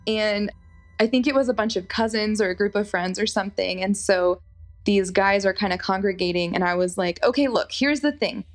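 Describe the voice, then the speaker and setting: A woman's voice: mid-range voice, normal speed. A young woman telling a personal story in a casual, chatty way, full of fillers. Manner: animated, chatty, lots of fillers.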